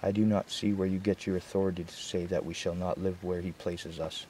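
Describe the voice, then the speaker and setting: A man's voice: sits low, little pitch movement, a little fast, warm tone, slight background noise, close to an everyday voice. A man reading as a defiant tribal chief.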